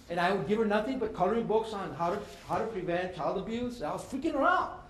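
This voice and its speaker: A man, giving a lively storytelling talk to students as a guest speaker and slipping in Spanish phrases. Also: sits high, fast talker, hardly any pauses. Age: 50s. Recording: echoey hall with faint ambience.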